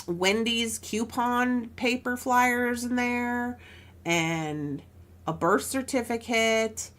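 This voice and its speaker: A woman casually chatting while she crafts jewelry on a live stream, telling stories with frequent laughs and asides. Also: on the high side.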